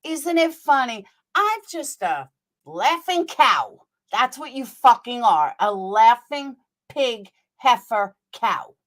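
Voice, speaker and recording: A woman's voice: on the high side, sing-song, slow, a bit bright. A woman hosting her channel, reacting to clips in a furious, profane, sarcastic rant.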